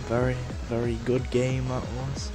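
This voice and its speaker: A young man rambling casually through a let's-play of a game on a headset mic, with lots of fillers and sudden shouts of frustration. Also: mid-range voice, monotone, unhurried, loud music behind the voice. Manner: rambling, filler-heavy, bursts into rage shouts. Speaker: gaming video host.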